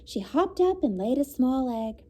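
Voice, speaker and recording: A woman teacher reading a picture book aloud to young students, pausing to comment and explain. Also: high voice, very animated, warm tone. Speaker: elementary school teacher. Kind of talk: children's read-aloud.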